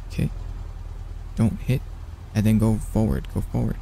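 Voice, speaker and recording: A young man giving live gameplay commentary as a streamer, excitable and flustered, talking to himself and repeating words over and over. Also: on the low side, normal speed, creaky, long pauses, a little hiss or hum.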